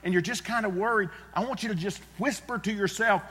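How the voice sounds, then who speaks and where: A man preaching in a church sanctuary, earnest and emphatic, driving his points home through repetition. His voice sits a touch high for a man and rings with the long reverb of a large hall. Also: fairly quick, hardly any pauses, bright, forceful tone, slightly rough. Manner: earnest, emphatic, repeats key phrases. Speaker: pastor. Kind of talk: sermon.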